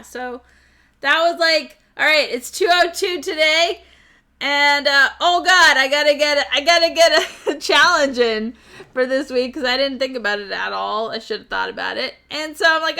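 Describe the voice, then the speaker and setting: Giggling often and tripping over her words, a woman chats casually with viewers on her live stream. Her voice is high-pitched, gravelly, pushed and bright, at a moderate pace.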